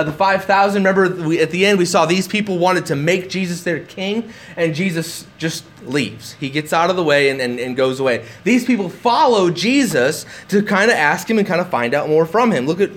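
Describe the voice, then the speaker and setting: High-voiced man preaching a sermon. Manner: conversational preaching with restarts and lively acted quotes. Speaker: pastor. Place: church.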